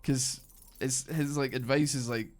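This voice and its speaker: In a mid-range voice with a steady tone and measured pace, a young British man streams a game and chats loosely with viewers. He rambles, uses many fillers, and restarts mid-thought, with faint game music behind him.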